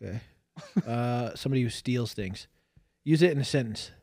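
A man's voice: mid-range voice, normal speed, darkish tone. Upbeat man hosting a podcast. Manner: upbeat, asks questions. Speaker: podcast host. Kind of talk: casual chat.

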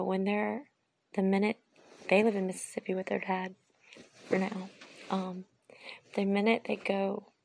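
A woman in her thirties, in her late thirties specifically, delivers a long, emotional personal monologue, drained and tired, rambling, trailing off and restarting, near tears at times. Her medium-pitched voice is gravelly and darkish with a breathy edge, and there's no echo.

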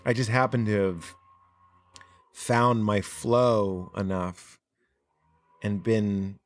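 A man's voice: lowish voice, fairly even intonation, very slow. A young adult man, a podcast guest, talking earnestly and animatedly in casual conversation, laughing often.

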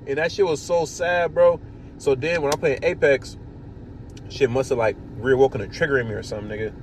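A man hosting a podcast in casual chat, telling profane, animated stories. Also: medium pitch, moderate pace, background noise. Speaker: podcast host.

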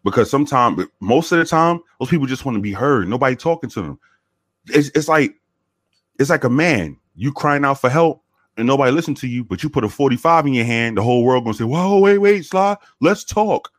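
A man's voice: mid-range voice, quick pace, no room sound, clean studio sound. A man, a former police officer, telling a story in a laid-back, casual way, cursing freely and acting out what people said. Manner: laid-back, profane, animated when quoting people.

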